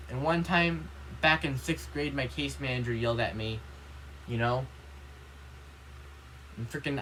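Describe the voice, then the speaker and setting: A man's voice: mid-range voice, pushed and bright, poor audio. A young male vlogger speaks in a casual rant, earnest and upset. His speech rambles and is packed with "you know" and "like." A faint ambient hum sits under his voice.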